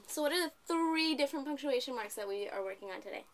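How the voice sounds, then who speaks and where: A young adult woman tutoring a child in reading, asking steady guiding questions. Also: sits high, quick pace, hardly any pauses, slight background noise. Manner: patient, questioning, coaching. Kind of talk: one-on-one reading lesson.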